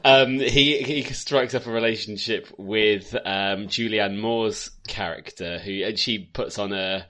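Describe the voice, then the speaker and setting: A man co-hosts a casual film podcast, making wry jokes and then correcting himself. He trails off into fillers as he searches for words. His voice sits a little low but sounds bright and forceful. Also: unhurried, few pauses. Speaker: podcast co-host.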